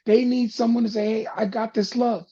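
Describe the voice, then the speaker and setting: A man hosting a panel talk, speaking with an impassioned, preacher-like cadence that drops low and soft for emphasis. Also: flat delivery, moderate pace, husky, muffled recording. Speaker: panel host. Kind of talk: impassioned talk-show monologue.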